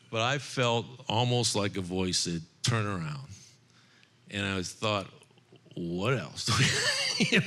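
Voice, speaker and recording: Deep-voiced man telling a testimony. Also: bright, forceful tone. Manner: earnest, storytelling, quoting others in his own voice, occasional laughs. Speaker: speaker at a men's Bible study. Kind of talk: storytelling testimony to a men's group.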